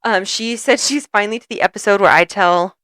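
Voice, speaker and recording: A woman's voice: medium pitch, brisk, a bit bright, no echo. A young woman co-hosting a podcast in casual chat, playful and teasing as she tells stories. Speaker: podcast co-host.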